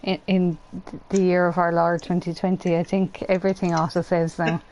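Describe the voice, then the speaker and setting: Woman on stream, lowish voice, rambles on with lots of ums. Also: little pitch movement, moderate pace, darkish tone, slight background noise, rough recording. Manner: rambling anecdotes with many fillers. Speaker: streamer playing a co-op game. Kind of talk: casual chat.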